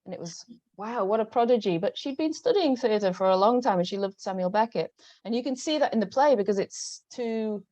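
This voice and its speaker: On a dull, lo-fi video call, a Northern English novelist with a dark, medium-pitched voice and lively intonation discusses her books fairly quickly. She is hesitant, restarting often and saying "um" a lot, in a conversational guest appearance, with no echo.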